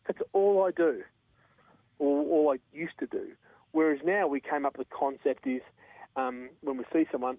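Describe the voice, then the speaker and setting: An Australian man tells an earnest, emphatic story as an interview guest. His voice sits fairly high for a man. It comes through a tinny, phone-like line with a dry, close sound. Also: fairly quick, no room sound. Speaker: guest, charity co-founder.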